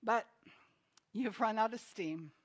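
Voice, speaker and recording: A woman's voice: on the high side, slow. A woman preaching a sermon in a chatty manner, laughing between her remarks. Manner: chatty, laughs often, tells jokes. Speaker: pastor.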